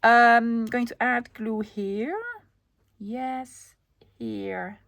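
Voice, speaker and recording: A woman's voice: on the high side, fairly even intonation, extremely slow, gravelly, dry recording. Chatty Dutch woman narrating crafts. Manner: chatty, self-narrating, often drops to a soft whisper. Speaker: crafting channel host. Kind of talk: casual crafting commentary.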